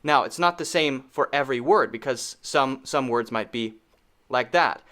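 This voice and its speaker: A man's voice: mid-range voice, moderate pace, fairly bright tone. A man teaching pronunciation, speaking patiently and repeating sounds over and over to demonstrate them. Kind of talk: spoken lesson.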